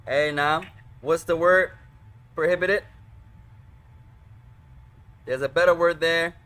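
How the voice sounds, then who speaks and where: Slow, bright-voiced male class teacher. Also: on the high side, fairly even intonation. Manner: slow, patient teaching with frequent pauses and corrections. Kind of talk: online Arabic and hadith class. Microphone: computer microphone.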